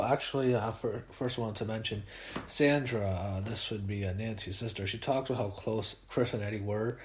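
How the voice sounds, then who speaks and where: A young man giving a casual spoken review, halting and full of fillers and restarts, audibly moved by what he describes. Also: fairly low pitch, a little mellow, a little hiss or hum.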